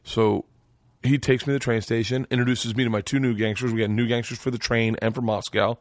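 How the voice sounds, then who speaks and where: A man in his forties telling a long story in casual podcast chat, profane and animated, his voice leaping up when he quotes himself. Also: mid-range voice, fast talker, no room sound, clean studio sound. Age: 40s. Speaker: podcast guest.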